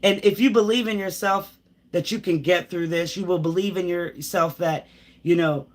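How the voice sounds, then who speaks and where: A tarot reader doing a live reading speaks straight to the viewer as a spiritual pep talk, emphatic and preachy, rambling with sighs and restarts. Her voice is fairly low and steady, at normal speed.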